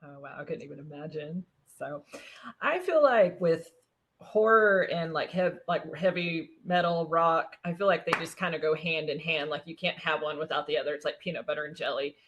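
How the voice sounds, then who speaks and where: A woman's voice: deep voice, normal speed, fairly bright tone, slight background noise. A woman hosting a casual interview, asking questions in a chatty way with fillers. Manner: chatty, asks with many fillers. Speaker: interviewer host.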